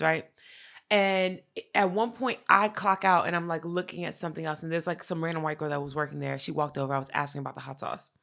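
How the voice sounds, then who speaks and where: A woman's voice: sits low, creaky. A woman co-hosting a podcast, telling a story in casual chat, acting out what people said and swearing freely. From Haitian family. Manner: animated, swears a lot, acts out quotes. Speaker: podcast co-host.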